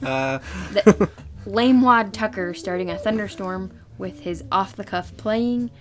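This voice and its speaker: A woman on a podcast reading out listener emails with an amused, lively delivery. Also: mid-range voice, takes it slowly.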